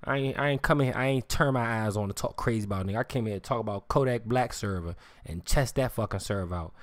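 A man's voice: fairly low pitch, fast. A man on a live stream, ranting in a heated, profane and confrontational way, repeating himself and pressing his listeners with questions. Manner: insistent, keeps asking "you hear me". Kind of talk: heated livestream rant.

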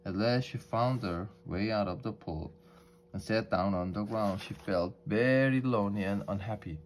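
A man reading a storybook aloud for English learners in a calm, measured way, with small restarts. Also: lowish voice, slight background noise.

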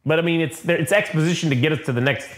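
A man's voice: a little high, very fast. A man co-hosting a casual comic book review podcast, talking in a loose, rambling and profane way. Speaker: podcast co-host.

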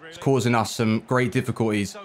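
A young man giving live commentary on his own football video game match, reacting out loud to every play. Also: mid-range voice, steady tone, fairly quick. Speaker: gaming YouTuber.

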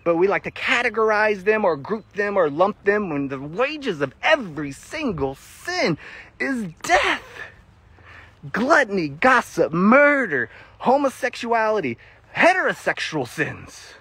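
A man teaches scripture while out on a walk, excited and laughing often. His voice sits high and sounds husky, and the sound is dry and close. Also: unhurried, no echo. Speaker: Christian ministry teacher. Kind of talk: walk-and-talk Bible teaching.

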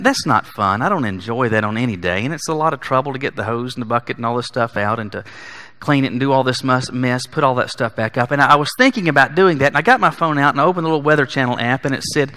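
A man preaching a sermon, emphatic and building to forceful peaks. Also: medium pitch, expressive, quick pace. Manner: emphatic, rising to forceful peaks on key lines. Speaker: pastor. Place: church sanctuary. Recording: long church hall reverb.

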